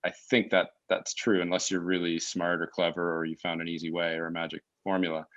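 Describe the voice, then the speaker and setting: Deep-voiced man, halting and reflective. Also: monotone, a bit bright, rough recording. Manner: reflective, searching for words with many restarts. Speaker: podcast guest. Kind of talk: casual conversational interview. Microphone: remote call mic.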